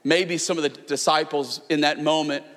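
Pastor, male, 30s, high bright voice, lively storyteller, reverberant church hall. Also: moderate pace. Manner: animated storytelling, rising to near-shouts. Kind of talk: sermon.

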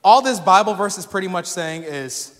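Young guy preaching in church, high voice, casual storytelling, gets loud, big echoey hall. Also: moderate pace. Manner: casual, animated storytelling, rising to shouts. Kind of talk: sermon. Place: church sanctuary. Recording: long hall reverb.

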